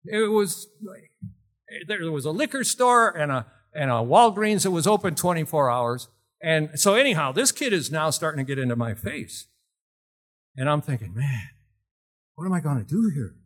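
A middle-aged pastor tells a storytelling sermon in a folksy way, quizzing his listeners. His voice sits fairly high for a man. His pitch swings in an animated way. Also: normal speed.

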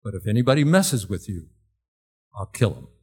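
A menacing street man speaks in a deep, low murmur, as a preacher puts him on. He sounds protective and calm, well below his storyteller's usual pitch. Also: moderate pace, husky.

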